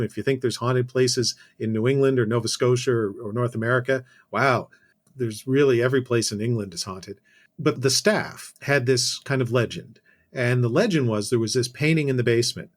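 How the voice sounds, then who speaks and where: A man's voice: medium pitch, brisk. A Canadian man, a podcast guest, telling a casual story full of self-corrections and dry asides.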